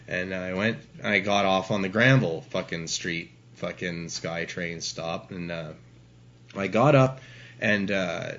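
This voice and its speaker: A man's voice: low-pitched, pushed and bright, muffled recording. A man in his forties from Ontario, telling a rambling, swear-heavy story as a podcast guest. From Ontario, Canada. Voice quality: profane, rambling, lots of restarts. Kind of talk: casual storytelling.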